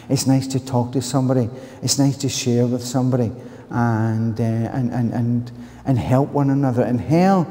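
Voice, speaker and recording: Glaswegian man preaching in a reverberant church. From Scotland. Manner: animated storytelling, bursts into loud higher-pitched retorts. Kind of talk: sermon with personal story. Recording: long reverb of a church hall.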